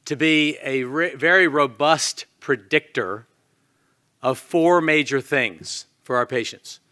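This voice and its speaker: A man's voice: on the high side, sharp tone. A man from Louisiana with a Southern US accent, giving a conference lecture and quizzing the audience in a folksy way. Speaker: conference speaker, intensivist.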